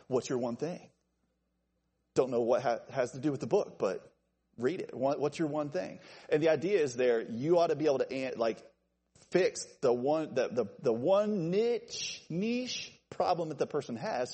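A man preaching an evening sermon, animated and joking with listeners he calls by name. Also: moderate pace, breathy edge. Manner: animated, jokey asides to named listeners, lively pitch swings.

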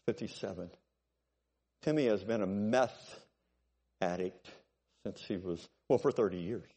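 A pastor in his sixties preaching a sermon, exhorting and building to forceful peaks. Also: fairly low pitch, measured pace, husky.

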